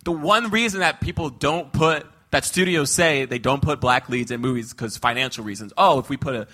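A man co-hosting a live movie review podcast, excitable and jokey, often talking over the others. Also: medium pitch, moderate pace. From Texas. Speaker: podcast co-host. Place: live show venue with audience.

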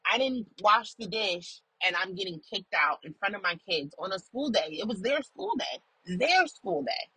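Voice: medium pitch, animated, normal speed, sharp tone, slightly rough, no echo, low-quality recording. A person recording a casual audio journal in a car while driving, telling a story in an emphatic, profane way. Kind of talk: casual venting monologue.

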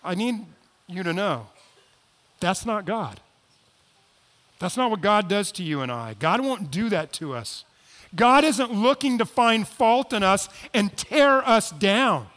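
Guy with a high voice preaching, goes quiet then gets loud and pleading, big hall echo. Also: animated, slow. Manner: swings from quiet asides to loud emphatic pleading. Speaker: pastor. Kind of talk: sermon. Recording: long hall reverb.

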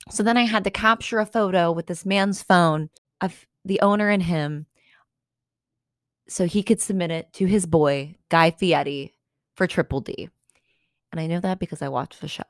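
A young adult woman hosting a podcast, telling a story in a casual, animated way with sarcastic, swearing asides. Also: lowish voice, normal speed, dry recording, clean studio sound. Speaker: podcast host.

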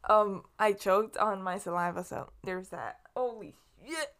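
A woman's voice: medium pitch, a little slow, fairly bright tone. A young woman from Los Angeles hosting her podcast alone, chatting in a rambling, casual way, swearing freely and restarting often. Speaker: podcast host. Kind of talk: casual solo monologue.

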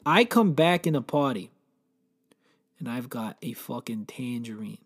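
A man's voice: mid-range voice, expressive, unhurried, husky. A man hosting a comedy podcast, telling a crude, rambling, profane story in a brash, joking rant.

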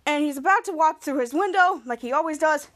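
A woman's voice: sits high, a little fast, fairly bright tone. A woman podcast host giving a casual, rambling run-on recap of a TV episode. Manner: rambling, run-on narration with many restarts and giggles.

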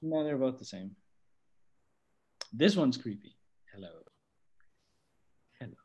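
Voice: mid-range voice, lively intonation, unhurried, warm tone, highs cut off. Rambling, chatty vlogger with a mid voice. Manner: rambling, many restarts and acted-out quotes; laughs often while talking. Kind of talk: casual chat.

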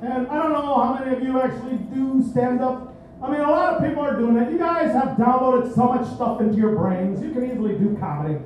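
Manic high-voiced man in an echoey club. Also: animated, quick pace, dull audio, slight background noise. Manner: manic, rambling, self-mocking. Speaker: stand-up comedian. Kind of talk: live stand-up set. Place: comedy club stage. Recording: distant echoey secret club recording with music.

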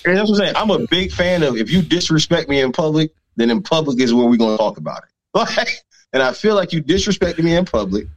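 A man's voice: on the high side, sing-song, fast talker, low-quality recording. A man co-hosting a podcast in a loose, profane casual chat, laughing often as he talks.

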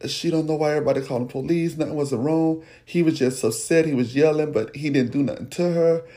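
A man slowly recounting a painful childhood memory as personal storytelling, speaking. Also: a little high, warm tone. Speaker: podcast host telling his life story.

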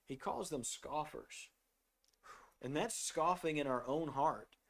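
Speaking slowly in a slightly high voice, a middle-aged man earnestly recounts a personal story in a casual faith discussion. He occasionally reads from scripture, and when quoting himself he goes soft.

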